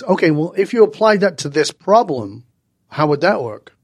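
A man in his sixties from Northern England, a guest telling stories in conversation and acting out the dialogue with lively voice changes. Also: on the high side, moderate pace, no echo, studio quality. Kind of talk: animated storytelling in conversation.

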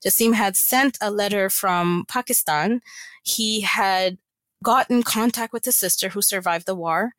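A woman's voice: medium pitch, a little slow, a bit bright, dry recording. A woman guest on a podcast, recounting a family story in an earnest, reflective way with many casual fillers. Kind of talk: personal storytelling in an interview.

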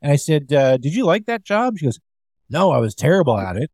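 A man's voice: on the high side, sing-song, brisk, a little mellow, dry recording. Man spinning rambling club stories. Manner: rambling anecdotes, acts out quoted lines. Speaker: comedian telling club stories. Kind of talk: casual storytelling chat.

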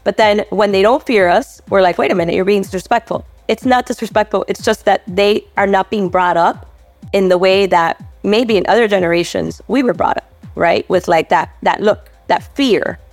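Calm, explaining woman, parenting expert. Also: medium pitch, moderate pace, no echo, soft background music. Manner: calm, explanatory, repeats key points. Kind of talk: podcast advice talk.

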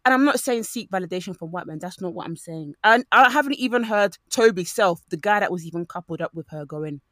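A woman co-hosting a podcast in casual chat, talking in an animated way and mimicking the people she quotes. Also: lowish voice, a little fast, no echo, clean studio sound.

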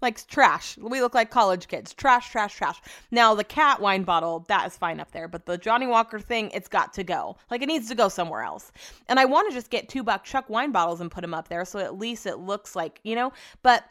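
Californian woman rambling on her podcast, swears a lot, mid-pitch voice. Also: expressive, a little fast, a bit bright. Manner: rambling, chatty and profane. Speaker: podcast host. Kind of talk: casual solo podcast chat.

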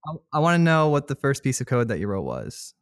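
Lively-voiced male podcast host. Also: medium pitch, fast, no echo, clean studio sound. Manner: chatty, laughs often. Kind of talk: casual podcast interview.

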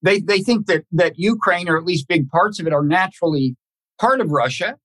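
Man, podcast host, casual interview talk, halting, thinks aloud, many restarts. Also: high voice, expressive, a bit bright. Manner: halting and thoughtful, with frequent restarts and repeated words.

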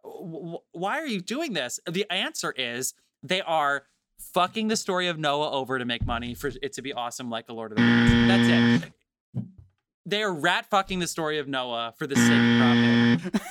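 A man's voice: mid-range voice, animated, normal speed, a bit bright. A man co-hosting a film podcast, ranting heatedly and swearing as he picks apart a movie. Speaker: podcast co-host. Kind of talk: casual film-review chat.

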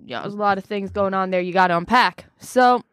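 A woman's voice: mid-range voice, a little fast, fairly bright tone, clear, resonant tone, dry recording, clean studio sound, close to an everyday voice. A woman playing a brash, boastful American male self-help mentor who rambles with many fillers. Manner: rambling, cocky, full of fillers. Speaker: studio guest. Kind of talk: improvised comedy role-play.

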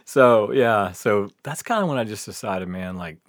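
A man's voice: lowish voice, expressive, moderate pace, no echo, clean studio sound. A man telling a wild story in casual chat, laughing often, swearing freely and acting out what people said. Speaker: podcast host telling a story.

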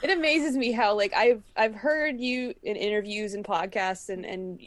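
A woman co-hosting a podcast, speaking admiringly to her guest with some halting restarts. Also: medium pitch, noisy background. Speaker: podcast co-host. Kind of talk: casual chat.

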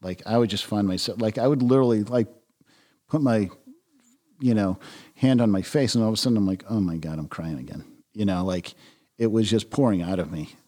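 A man as a podcast guest, talking reflectively with frequent restarts and soft trailing phrases. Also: fairly low pitch, brisk. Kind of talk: conversational interview.

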